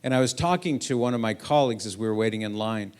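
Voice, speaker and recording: A man's voice: on the low side, fast talker, smooth. A middle-aged man giving a storytelling talk to a school audience, acting out the quoted voices in his anecdotes. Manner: animated anecdote-telling, acts out quoted voices. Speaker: guest speaker. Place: school event hall.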